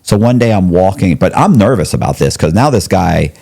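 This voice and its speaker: A middle-aged man with a very low, mellow voice recounts a story in a casual interview. He rambles with slang, swears freely and restarts his sentences often. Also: expressive, brisk, vocal fry. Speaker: interview guest.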